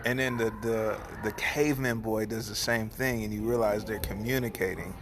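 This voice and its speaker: A man's voice: fairly low pitch, steady tone, normal speed. A man talking in a casual, heartfelt way, rambling with restarts, who then turns to earnest prayer. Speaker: barber and host. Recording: noticeable background noise.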